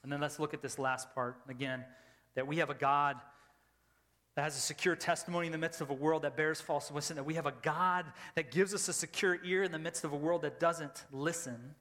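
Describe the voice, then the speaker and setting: A man in his thirties preaching a sermon as pastor, telling a casual everyday story, swinging between loud emphasis and hushed tones. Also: a little high, fairly even intonation, a little fast. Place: church sanctuary. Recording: reverberant church hall.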